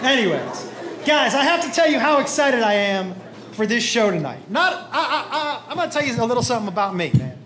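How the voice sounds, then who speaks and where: Male stand-up comic, animated crude storytelling, echoey comedy club, audience noise. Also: very high voice, a little fast, some chatter behind.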